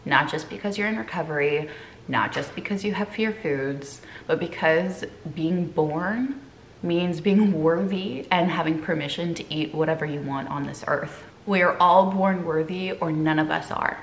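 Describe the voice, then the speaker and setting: She has a slightly low voice and a casual, encouraging way of talking to her viewers. The faint hiss of a home recording sits behind her. She is a young woman cooking in her kitchen. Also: measured pace, roomy sound. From Quebec, Canada. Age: 20s. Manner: upbeat, encouraging, playful asides. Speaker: eating disorder recovery coach and vlogger. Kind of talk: casual cooking vlog talk to camera.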